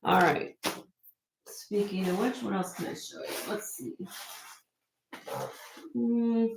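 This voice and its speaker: Against a noisy background, a Midwestern woman speaks slowly in a mid-range voice with vocal fry. She's hosting a live stream selling vintage jewelry, chatting warmly and effusively as she presents each item.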